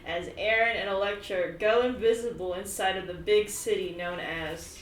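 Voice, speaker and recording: A woman's voice: mid-range voice, fairly even intonation, moderate pace. Brief: young woman game master, casual and sweary, roomy far-off mic with faint room noise. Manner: laughs often, swears freely, bursts into loud yelps. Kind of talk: casual chat and tabletop game narration. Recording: roomy, distant mic, faint background ambience.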